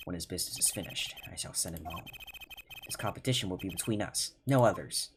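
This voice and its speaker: A man's voice: sits low, slight background noise. A man doing a cold poker master with a fake Russian accent. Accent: Russian put-on. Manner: slow, formal, intimidating. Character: cool, menacing male poker champion, older magician. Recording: loud game music underneath.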